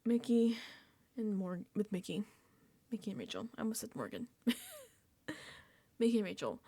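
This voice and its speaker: Animated woman recapping reality TV. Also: medium pitch, moderate pace, slightly rough. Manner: animated, laughing, acts out quoted lines. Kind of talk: casual recap commentary.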